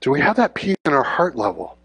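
A man's voice: on the high side, huge pitch swings, brisk, husky, no room sound. A man giving a conversational sermon as a guest preacher, informal and often checking in with the congregation.

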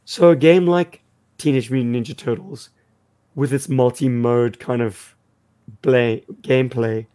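A man co-hosting a podcast in casual chat, with a croaky voice and an enthusiastic storytelling manner. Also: mid-range voice, steady tone, unhurried, mellow. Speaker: podcast co-host.

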